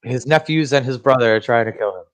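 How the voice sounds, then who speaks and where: A man's voice: mid-range voice, quick pace, slight background noise. A man co-hosting a casual movie-review podcast, blunt and profane, laughing often as he gives his opinions. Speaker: podcast co-host.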